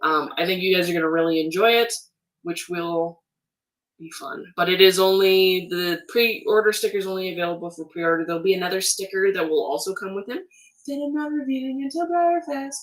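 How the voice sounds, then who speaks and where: Canadian woman streamer, chatty and animated, often drifts off-mic. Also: mid-range voice, fairly quick, far from the mic. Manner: chatty and animated, laughs often, many ums. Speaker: livestream host, artist. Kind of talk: casual livestream chat reading comments.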